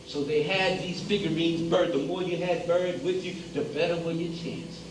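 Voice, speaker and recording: A man's voice: on the high side, steady tone, normal speed, few pauses. A man giving a preacher-style lecture to an audience, emphatic and repeating phrases for emphasis. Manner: addresses the audience as brothers and sisters. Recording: roomy hall, speaker away from the mic, faint background hiss.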